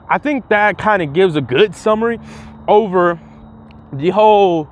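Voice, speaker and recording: High-voiced young man vlogging casually. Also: slight background noise. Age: young adult. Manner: rambling and profane, with frequent restarts. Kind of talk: casual vlog commentary.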